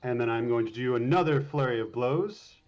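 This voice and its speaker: A man's voice: medium pitch, brisk, dull audio, faint music behind. Easygoing man playing a tabletop game. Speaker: player. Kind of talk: casual game talk.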